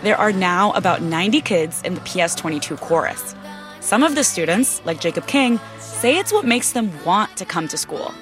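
A woman radio reporter narrating a scripted news feature in a measured, clear way. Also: lowish voice, animated. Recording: music bed underneath.

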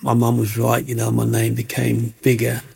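A man with a deeply gravelly, rough voice tells his story in an interview. His pitch sits at an ordinary middle for a man. He brings the tale to life by acting out what other people said. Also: moderate pace, a little hiss or hum. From England. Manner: animated storyteller who acts out other people's lines.

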